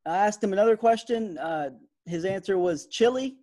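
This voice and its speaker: A young man in his twenties co-hosting a podcast, chatting in a relaxed way with lots of fillers. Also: high-pitched, moderate pace. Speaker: podcast co-host. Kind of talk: casual sports podcast chat.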